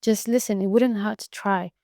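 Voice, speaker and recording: A woman's voice: mid-range voice, steady tone, normal speed, warm tone, dry recording, studio quality. A woman hosting a podcast solo, talking bluntly and profanely, like a tough-love pep talk. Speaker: podcast host. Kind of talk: casual monologue.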